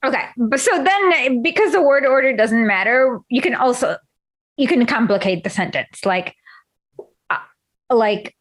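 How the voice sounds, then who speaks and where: A woman's voice: a little high, expressive, a little slow. Giggly, eager woman host. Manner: giggly, restarts often, explains eagerly. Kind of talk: casual chat.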